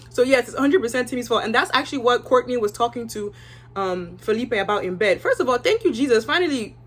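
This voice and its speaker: A young woman giving a casual, opinionated recap of a reality show, chatting with her viewers and filling her talk with asides. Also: medium pitch.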